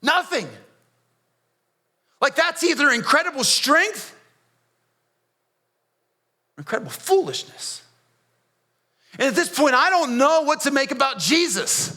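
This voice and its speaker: Pastor doing barabbas, really high tense voice, goes from hushed to pleading outbursts, gasps a lot. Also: male voice, very animated, unhurried, long pauses, heavily acted. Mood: anguished, incredulous. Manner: swings from hushed near-whispers to raised, pleading outbursts; intense, breathy gasps between phrases. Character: Barabbas, a grown man, haunted and shaken. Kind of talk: dramatic first-person monologue.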